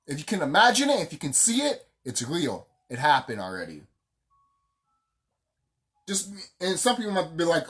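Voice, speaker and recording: A vlogger in the middle of an unscripted rant, with a voice that leaps high and drops low as each point lands. The talk is heated and profane, and the speaker hammers lines home by repeating them. The pitch sits in an ordinary middle range. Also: sing-song, moderate pace, long pauses, a bit bright. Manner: profane, heated and emphatic, repeats phrases for stress.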